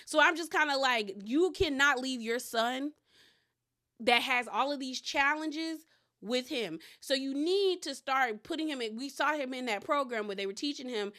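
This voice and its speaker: A woman's voice: high voice, normal speed, pushed and bright. A young woman giving a casual, opinionated recap of a reality show, often acting out what the cast members said. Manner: chatty, opinionated, quotes others in character voices.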